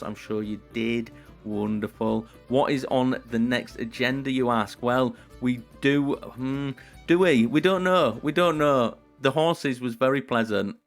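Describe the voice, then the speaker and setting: A man giving comedic role-play commentary on a strategy game, playful and theatrical, chatting to his viewers. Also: lowish voice. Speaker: gaming YouTuber.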